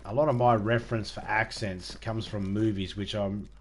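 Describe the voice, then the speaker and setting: A man's voice: on the low side, steady tone, normal speed, a little hiss or hum. Laid-back Australian man streaming. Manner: rambling, laid-back, self-mocking, swears freely. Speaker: game streamer chatting with viewers. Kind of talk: casual live-stream chat.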